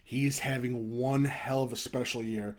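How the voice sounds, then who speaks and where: A man's voice: medium pitch, steady tone, measured pace. A man with a Chicago-area American accent hosting a live football webcast, blunt and fired-up, swearing and then apologizing. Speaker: high school football show host. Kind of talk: live webcast rant and game preview.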